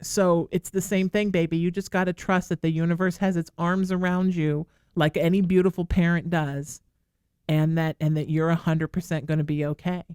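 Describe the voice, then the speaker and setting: A woman talk radio host speaks in a smooth, resonant voice, soothing and affectionate as she comforts a caller. She sounds close to tears throughout. The studio is dry and close. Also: fairly low pitch, little pitch movement, moderate pace, darkish tone, no echo. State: tearful. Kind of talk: emotional advice to a caller. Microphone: studio microphone.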